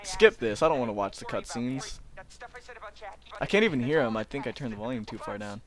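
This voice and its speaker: A man's voice: mid-range voice, sing-song, fairly quick. A teenage boy chatting casually with friends while gaming, giggly and easily surprised. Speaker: gamer.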